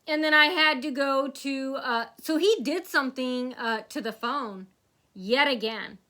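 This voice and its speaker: A young woman talks straight to camera and rambles through a story, stopping often to act out what others said. Her voice is bright and fairly high. She keeps circling back with fillers and restarts. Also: measured pace. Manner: rambling, acts out quotes in a loud shouting voice. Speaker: vlogger. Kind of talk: casual storytelling monologue.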